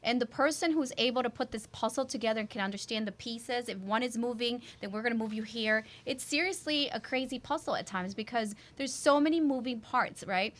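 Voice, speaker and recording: A woman's voice: a little high, brisk, hardly any pauses. A woman hosting a podcast, explaining things in an enthusiastic, casual way. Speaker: podcast host.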